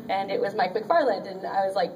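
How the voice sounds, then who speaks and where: A woman's voice: medium pitch, fairly quick, a little mellow, distant mic, highs cut off, slight background noise. A woman voice actress telling stories on a convention panel, chatty and bubbly, laughing often and saying "like" a lot. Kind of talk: animated anecdote telling to a live audience.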